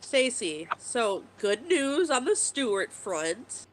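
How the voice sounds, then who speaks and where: Slow-spoken woman playing a tabletop game. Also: a little high, big pitch swings, slight background noise, rough recording. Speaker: player.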